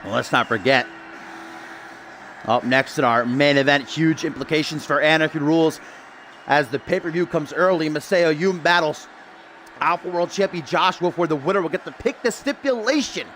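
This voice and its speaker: A man's voice: fairly high pitch, moderate pace, fairly bright tone, a little hiss or hum. A young man calling a wrestling video game match as play-by-play commentator, building hype with casual asides to his stream chat.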